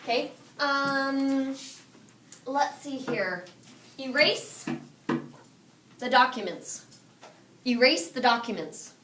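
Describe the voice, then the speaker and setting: A woman teaching a high school Spanish class, quizzing her students and repeating their answers back to them. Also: slow pace, pauses often, background noise. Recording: echoey classroom from far off.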